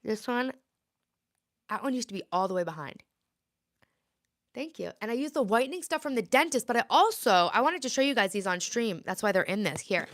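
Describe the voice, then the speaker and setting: A woman's voice: on the high side, animated, brisk, pauses often, no echo, studio quality. A woman in her late thirties, chatting casually on a live stream, rambling and answering viewer comments aloud. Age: 30s. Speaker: livestream host.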